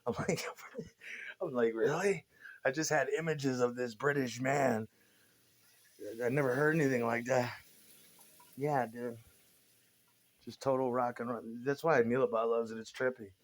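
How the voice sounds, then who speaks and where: A man's voice: mid-range voice, steady tone, unhurried, pauses often. Laid-back profane man in his forties. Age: 40s. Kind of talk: casual rambling monologue.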